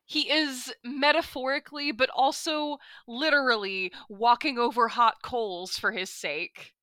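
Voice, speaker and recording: A woman's voice: on the high side, steady tone, measured pace, bright, forceful tone, no echo. A woman co-hosting a casual podcast, exasperated and given to dramatic, sweary asides. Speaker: podcast co-host. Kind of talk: casual chat.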